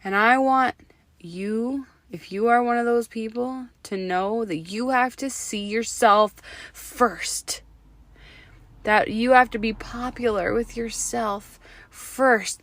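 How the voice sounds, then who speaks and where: A woman in her thirties hosting her own podcast, slightly hoarse from illness, talking in an excited, effusive way and dropping to a whisper for emphasis. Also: fairly high pitch, slow, dry recording. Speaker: podcast host. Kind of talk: solo podcast monologue.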